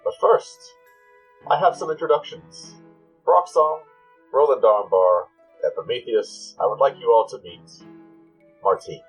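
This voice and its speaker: A man voicing a polite, mildly sardonic gentleman patron. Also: mid-range voice, lively intonation, measured pace, long pauses, faint music behind, poor audio. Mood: formal. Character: genteel male patron perched in a window.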